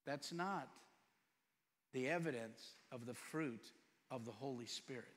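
A pastor in his fifties preaching a sermon, firing rhetorical questions and swinging between loud and soft. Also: medium pitch, unhurried. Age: 50s. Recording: long reverb in a church hall.

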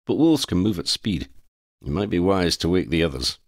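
A man voicing a sardonic, grumbling male talking cat in an audiobook, raising his pitch a little. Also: big pitch swings, moderate pace, dry recording, exaggerated voice. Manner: dry, grumbling retorts.

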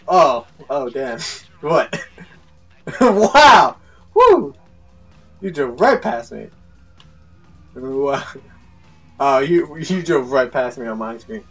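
A man doing let's play commentary, excitable and laughing, yelling at his teammates. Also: medium pitch, recorded from a distance, dull audio. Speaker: gaming YouTuber.

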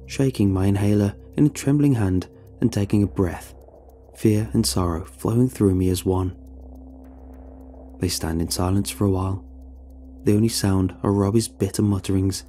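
A man reading a horror story aloud in a measured, dramatic narration style, with faint music behind him. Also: fairly low pitch, warm tone.

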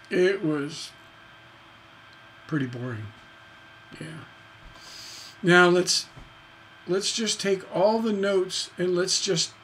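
A man teaching songwriting on a charity livestream in a relaxed, folksy way, humming melodies on "da da" to show his points. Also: sits high, a little hiss or hum.

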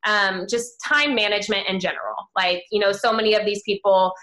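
A woman's voice: medium pitch, fairly quick, fairly bright tone, poor audio. A woman hosting an interview, chatting casually and often saying "like". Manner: casual, fills her speech with "like". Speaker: host.

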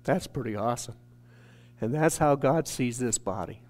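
Speaking at a medium pitch and a moderate pace, this church staff member shares a heartfelt, emotional testimony in a sermon. He tells it earnestly and rises into shouted quotations.

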